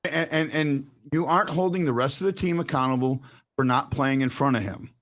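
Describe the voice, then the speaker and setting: A man hosting a casual sports fan show, talking in an animated way and stumbling over repeated words as he makes his points. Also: medium pitch, brisk. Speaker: host.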